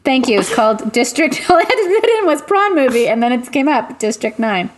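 A woman co-hosting a podcast in casual chat, joking in a deadpan, drawn-out way. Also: high-pitched, background noise. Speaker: podcast co-host.

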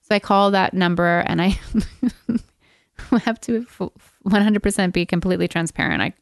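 A woman's voice: mid-range voice, measured pace, gravelly, no echo, studio quality. A woman co-hosting a podcast, telling a rambling story in casual chat and laughing often along the way. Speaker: podcast co-host.

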